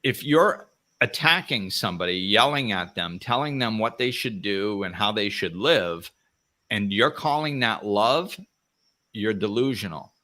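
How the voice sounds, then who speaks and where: A man's voice: fairly low pitch, animated, a little slow, sharp tone. A man hosting a live spiritual talk who speaks in a passionate, emphatic, preaching way. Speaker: host.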